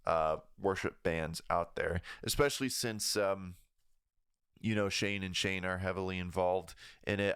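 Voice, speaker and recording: A man's voice: on the low side, a bit bright, clear, resonant tone, no room sound, studio quality. A man hosting a music review segment, rambling casually with many fillers and restarts. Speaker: music review show host.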